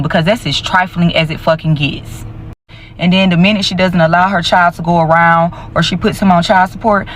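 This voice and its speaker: A blunt commentator who curses freely in casual slang. The voice is mid-pitched, with faint noise behind it. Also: a bit bright. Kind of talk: commentary video.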